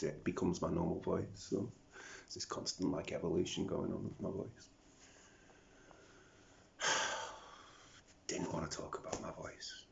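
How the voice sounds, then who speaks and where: Gravelly low-voiced man rambling to camera. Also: a little hiss or hum. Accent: British, picked up over a South African upbringing. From South Africa. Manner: rambling, mumbling, drifts into whispers, swears often. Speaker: vlogger. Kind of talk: confessional video diary. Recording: dull lo-fi recording.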